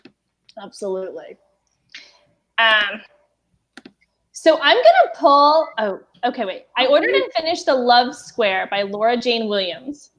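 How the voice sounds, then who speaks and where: A woman hosts a relaxed chat over a video call, her voice a touch high. She keeps things moving with quick, encouraging affirmations. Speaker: bookshop host. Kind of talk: casual chat.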